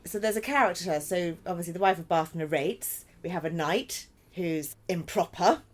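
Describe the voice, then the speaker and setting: A woman actor talks through her role in casual podcast chat, her voice sitting a little low. She runs on with asides and apologies, laughing often as she goes. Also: normal speed. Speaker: actor in the company.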